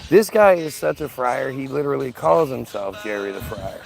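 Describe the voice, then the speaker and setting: A man's voice: medium pitch, very animated, normal speed, vocal fry, faint music behind, poor audio. A man hosting a livestream, talking casually in a sarcastic, mocking, profane way. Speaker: livestream host reading chat.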